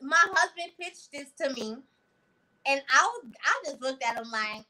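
A woman hosts a casual livestream, pitched a little high with a bright, forceful tone. She gushes over her viewers and answers their comments one by one. Her talk is loose, slangy and animated. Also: unhurried, low-quality recording. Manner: chatty and effusive, reads out and answers comments. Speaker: livestream host. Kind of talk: casual live-stream chat with viewers.

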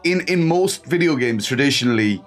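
A man's voice: mid-range voice, animated, brisk, faint music behind. Eager male host, voice worn by illness. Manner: eager, enthusiastic fan. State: sick, voice off. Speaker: podcast host and interviewer. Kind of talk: casual interview chat.

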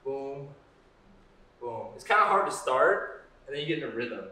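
A man's voice: mid-range voice, big pitch swings, normal speed, bright, forceful tone. A man coaching a workout on a live stream, explaining exercises and counting reps with upbeat encouragement. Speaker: fitness coach. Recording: echoey room, far from the mic, faint music.

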